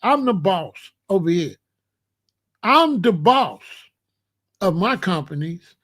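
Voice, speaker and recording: A man's voice: sits high, big pitch swings, slow, a bit bright. A middle-aged man from the United States talking in a blunt, emphatic casual monologue, often repeating himself. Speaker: commentary channel host.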